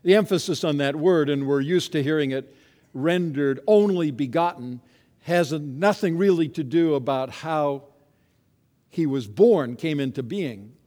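A man preaching a sermon in an earnest, emphatic way, slowing down to stress key phrases. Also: on the high side, a little mellow. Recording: long hall reverb.

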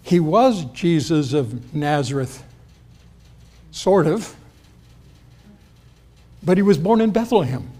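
A man delivers an expository sermon conversationally, acting out quoted lines with a rise in pitch. His intonation is lively and his tone warm, and he takes his time, leaving long pauses.

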